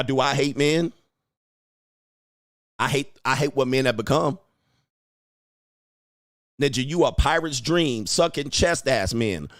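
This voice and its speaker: A man hosting a livestream, ranting at his viewers in a loud, mocking, insulting way. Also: on the high side, dry recording, studio quality. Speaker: online dating coach host. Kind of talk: livestream rant.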